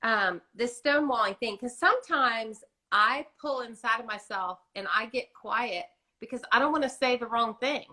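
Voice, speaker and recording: Bright-voiced woman asking candid questions. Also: fairly high pitch, normal speed, few pauses. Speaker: host. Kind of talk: interview conversation.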